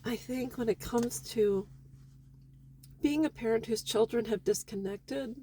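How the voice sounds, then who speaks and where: A woman's voice: fairly high pitch, a little slow, warm tone, slight background noise. A middle-aged woman talking candidly and with feeling in a personal vlog about her family and marriage. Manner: candid, emotional and heartfelt. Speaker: vlogger.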